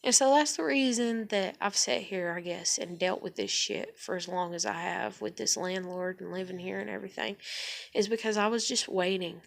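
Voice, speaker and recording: A woman's voice: medium pitch, moderate pace, creaky. Woman vlogger, casual on-camera rant; blunt, swears freely, hammers her points home. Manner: blunt, profane, emphatic venting.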